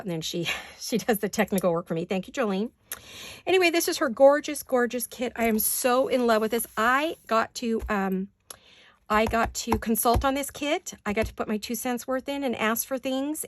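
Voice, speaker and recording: This crafting channel host has a mid-range voice with no room sound. Filming in her home studio, she keeps up a casual show-and-tell chat and lavishes repeated praise on every page.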